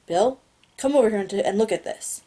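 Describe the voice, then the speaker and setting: A woman's voice: mid-range voice, fairly quick, close to an everyday voice. A woman reading an audiobook, voicing two baffled male night guards who call out in alarm. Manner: gruff, alarmed, loud calls. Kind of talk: audiobook character voice.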